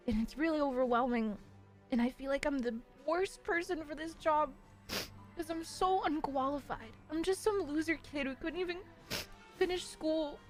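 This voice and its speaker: A woman in her twenties, a streamer, talking in casual live-stream chat in an earnest, confiding way with many fillers. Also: sits high.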